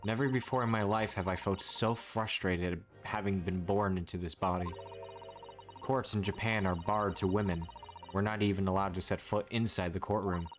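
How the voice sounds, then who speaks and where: A man's voice: low voice, close to an everyday voice. A man reading a polite, earnest young woman. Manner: formal, gentle, devoted phrasing. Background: game music.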